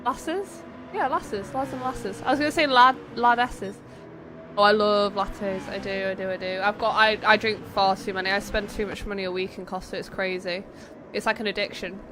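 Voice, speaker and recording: A young woman hosting and commentating on a sim-racing stream, chatting playfully between race calls and getting excited at close battles. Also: mid-range voice, brisk, noisy background.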